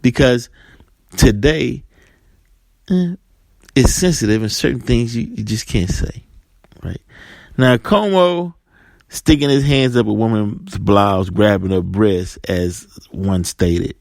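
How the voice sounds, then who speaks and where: Gravelly man rambling on talk radio. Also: on the low side, slow pace, pauses often, darkish tone, no room sound. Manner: rambling, keeps asking "right?". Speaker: radio show host.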